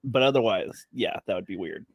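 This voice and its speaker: A man co-hosting a casual reaction chat, animated and quick to laugh, often tripping over his words. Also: on the low side, dry recording, clean studio sound. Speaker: co-host.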